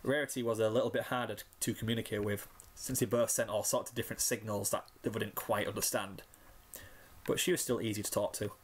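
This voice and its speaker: Man calmly narrating a fan story. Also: on the low side, a little fast, a little hiss or hum. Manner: calm, even reading with small slips. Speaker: fan fiction reader.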